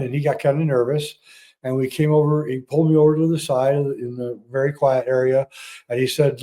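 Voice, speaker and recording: A man's voice: mid-range voice, a little fast. A middle-aged male filmmaker telling a personal story as an interview guest, acting out the dialogue. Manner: animated, acts out dialogue.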